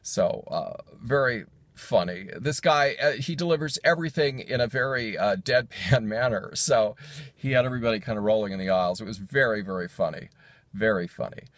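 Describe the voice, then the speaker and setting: A man's voice: mid-range voice, expressive, a little fast, a bit bright, no echo. A man casually recapping a sermon's jokes, rambling with fillers and self-corrections and chuckling as he goes. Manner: chuckles while telling jokes.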